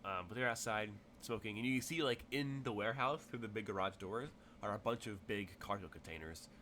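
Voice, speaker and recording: A man's voice: fairly low pitch, brisk, sharp tone, a little hiss or hum. A young man running a tabletop game as game master, rambling along with plenty of fillers and frequent laughs. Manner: rambling, lots of fillers and restarts, laughs often.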